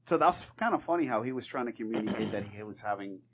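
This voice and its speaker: A man's voice: fairly low pitch, animated, fast talker, vocal fry, breathy edge. A man on a casual podcast, teasing his friends and laughing often. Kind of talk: casual chat.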